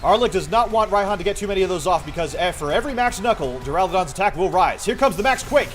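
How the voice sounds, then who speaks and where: A man putting on the voice of an excited male sports announcer, giving dramatic mock play-by-play over a game. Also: quick pace. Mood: hyped. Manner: booming, dramatic play-by-play hype. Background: faint background music.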